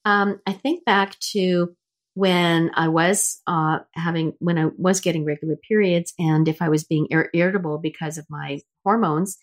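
A woman's voice: lowish voice, steady tone, moderate pace. A middle-aged woman hosting a casual interview, telling stories in a chatty way with many restarts. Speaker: host.

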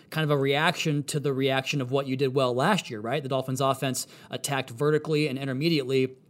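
A man hosting a solo sports podcast, excited and talking quickly as he breaks down a practice. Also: mid-range voice. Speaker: podcast host.

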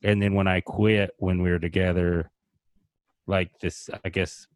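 A man's voice: deep voice, level tone, a little slow, darkish tone, no room sound. A man in his thirties on a podcast, rambling in crude, casual chat and acting out quotes in a raised voice. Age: 30s. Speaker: podcast co-host.

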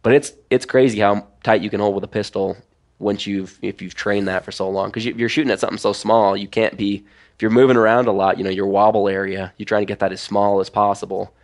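A man's voice: lowish voice, fast talker. A man, a former competitive pistol shooter, explaining things step by step in casual podcast chat with lots of "like"s. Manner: relaxed, explains step by step with many "like"s.

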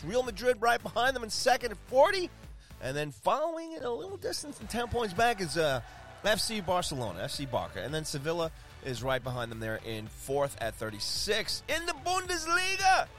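A man with a somewhat high, slightly bright voice co-hosts a sports podcast. Chatty and jokey, he rambles with fillers while rattling off league standings, tossing in jokes and asides.

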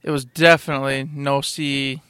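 A man's voice: mid-range voice, level tone, normal speed, fairly bright tone, clean tone, no echo. A man hosting a podcast, chatting casually in a playful, teasing way. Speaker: podcast host. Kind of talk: casual chat.

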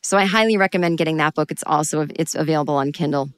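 A woman's voice: low voice, quick pace, smooth, dry recording. A woman talking alone into a microphone, giving candid, self-deprecating advice in a chatty, casual way. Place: alone, recording at home.

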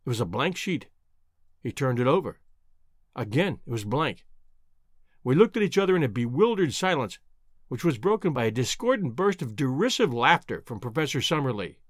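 A man narrating an adventure novel in a measured, descriptive storytelling manner. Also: medium pitch, sing-song, no echo, studio quality. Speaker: audiobook narrator. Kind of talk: scripted narration.

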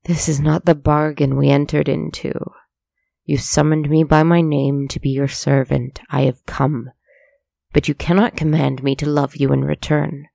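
A storyteller voicing a cold, calm demon who speaks formally and with measured coldness. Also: mid-range voice, gravelly, dry recording. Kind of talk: storybook narration with voiced dialogue.

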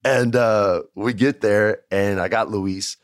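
A man's voice: lowish voice, slow, no room sound, clean studio sound. A man from New Mexico telling a backstage story in casual chat, acting out the other people's voices. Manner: animated, acts out voices of others. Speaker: storyteller guest.

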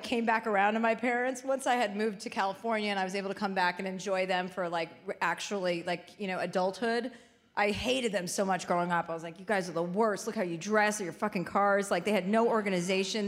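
A woman in casual chat telling a story with lively, laugh-filled delivery, acting out the people she quotes. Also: fast, long reverb tail. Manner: animated, acts out quotes with big pitch jumps and laughter. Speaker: guest.

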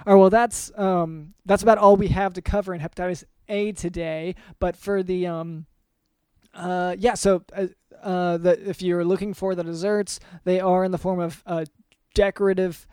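A man co-hosting a comedy podcast, speaking deadpan and hesitantly with many fillers. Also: high voice, moderate pace, clear, resonant tone, no echo. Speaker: podcast co-host.

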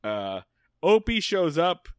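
A man's voice: a little high, very animated, takes it slowly, clean tone, no room sound, clean studio sound. A man co-hosting a casual podcast, recapping a TV episode in a jokey way and quoting the characters in voices. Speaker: podcast co-host.

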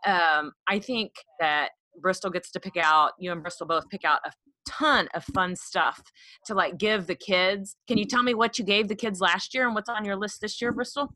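Bubbly bright-voiced woman host. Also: medium pitch, normal speed, no echo, clean studio sound. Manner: bubbly, excitable, teasing. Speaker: podcast host. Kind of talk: casual podcast chat. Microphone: podcast microphone.

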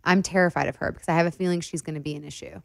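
A woman from Michigan, chatting as a guest in an expressive, talkative way. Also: low-pitched, very fast, vocal fry, no room sound, clean studio sound. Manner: chatty and expressive with laughs and exclamations. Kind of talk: casual interview chat.

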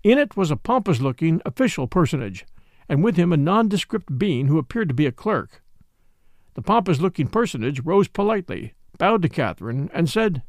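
Man reading a story with lively pitch. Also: a little fast, dry recording, clean studio sound. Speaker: audiobook narrator. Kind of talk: scripted narration.

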